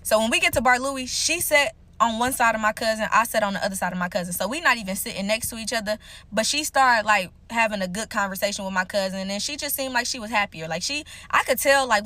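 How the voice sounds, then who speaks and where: A young woman telling a casual storytime to her viewers, animated and slangy, with frequent profanity. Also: medium pitch.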